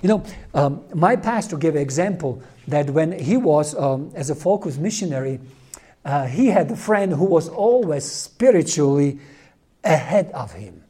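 Earnest man with a mellow voice. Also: on the high side, animated, breathy edge. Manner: earnest, halting, with many fillers and restarts. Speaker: lay Catholic speaker. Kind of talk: informal religious talk.

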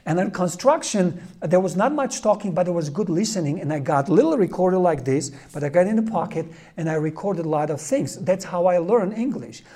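A man from Czechoslovakia, teaching a class and telling animated stories that he laughs through. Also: high voice, brisk, hardly any pauses. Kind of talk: storytelling lecture.

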